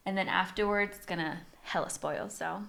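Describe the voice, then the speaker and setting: A young woman co-hosting a book podcast in relaxed, teasing banter with her friend. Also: lowish voice, normal speed, vocal fry. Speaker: podcast co-host. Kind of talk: casual chat.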